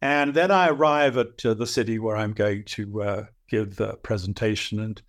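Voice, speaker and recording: An older man with an Australian accent, a guest telling animated stories and acting out voices. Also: on the low side, normal speed. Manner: lively anecdotal storyteller, acts out voices. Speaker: guest, dream teacher. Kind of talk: animated storytelling.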